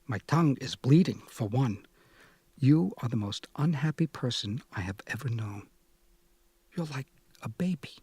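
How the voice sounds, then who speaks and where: A man's voice: mid-range voice, animated, a little slow, warm tone, breathy edge, no room sound. A man voicing a stern young woman who lectures bluntly in an audiobook reading. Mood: scolding. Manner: scolding, blunt and moralizing.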